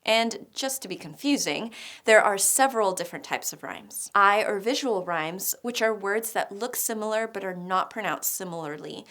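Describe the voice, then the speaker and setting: A woman giving a scripted educational narration about poetry, explaining clearly with a light touch of humor. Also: mid-range voice, a bit bright. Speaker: teacher.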